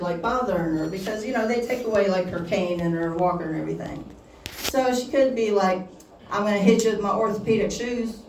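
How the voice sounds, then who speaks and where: A young woman performs a stand-up set in a small shop, her delivery halting and punctuated by giggles. She sounds far from the mic in a roomy space. A faint hum runs underneath. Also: mid-range voice, a little mellow. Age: young adult. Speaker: stand-up comedian. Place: small shop hosting a comedy night. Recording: roomy, distant mic with faint background noise.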